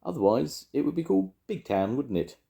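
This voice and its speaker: An older man reading a children's story aloud, gently chatting with young listeners between lines. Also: medium pitch, very animated, fairly quick, gravelly. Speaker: storytelling grandad.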